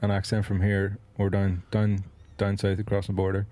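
A man's voice: lowish voice, monotone, moderate pace, warm tone. Hesitant Northern Irish man. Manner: hesitant, rambling. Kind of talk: casual film discussion.

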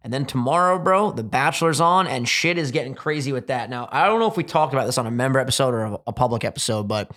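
A young man hosting a casual podcast, animated and swearing freely, acting out quotes as he tells stories. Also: medium pitch, quick pace, few pauses. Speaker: podcast host.

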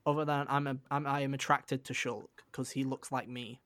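A man co-hosting a casual video game podcast, excitable and swearing freely, repeating himself as he talks. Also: medium pitch, a little fast, no echo. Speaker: podcast co-host and game reviewer. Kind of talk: casual spoiler chat.

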